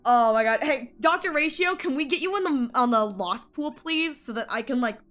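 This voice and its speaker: A woman streaming a game who talks in a casual, chatty way, gets excited easily and repeats words over and over. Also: high-pitched, moderate pace, faint music behind. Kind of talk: casual live-stream chat while gaming.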